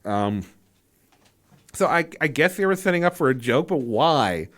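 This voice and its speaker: A man's voice: a little high, sing-song, measured pace, fairly bright tone. A man giving a casual spoken movie review, incredulous and exasperated, rambling with fillers and restarts and swearing freely.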